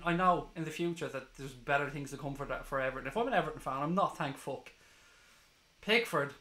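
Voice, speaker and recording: A man streaming a live football watchalong, ecstatic and swearing, reading chat messages aloud, hoarse from screaming. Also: a little high, fairly bright tone, reverberant.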